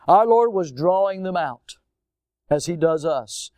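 A man's voice: sits high, expressive, unhurried, darkish tone, no room sound, studio quality. A male pastor preaching a sermon, posing rhetorical questions and repeating key words for emphasis, then leading a prayer. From United States.

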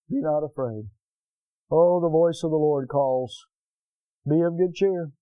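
A man's voice: fairly high pitch, a little slow, pauses often, dry recording, narrow, tinny audio. A man preaching a sermon earnestly, asking his listeners for responses and ending in prayer. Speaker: pastor.

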